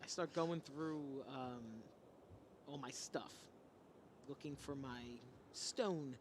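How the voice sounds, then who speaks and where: A man's voice: on the high side, takes it slowly, noisy background. A man playing a tabletop game who speaks hesitantly and asks the game master a lot of questions. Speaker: player.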